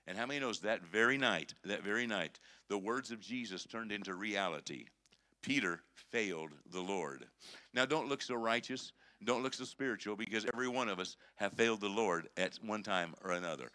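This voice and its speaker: A male pastor preaching a sermon, emphatic and conversational, with swings between quiet and intense. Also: on the low side, lively intonation, a little fast.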